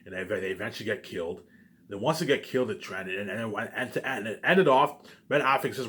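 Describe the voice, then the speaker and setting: A man with a lowish voice rushes through his ideas at a quick clip. He keeps tripping into restarts, piles on the same catchphrases and swears loosely. It is a rambling, casual talk to the camera. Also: fairly bright tone. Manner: repetitive, stumbling restarts, keeps saying "you know what I'm saying" and "obviously". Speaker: vlogger pitching his movie ideas.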